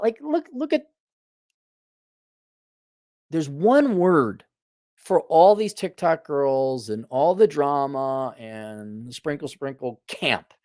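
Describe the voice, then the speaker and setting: A man's voice: on the high side, dry recording, clean studio sound. Blunt, profane male host ranting. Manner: blunt, profane, sarcastic, rambling restarts. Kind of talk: casual commentary rant.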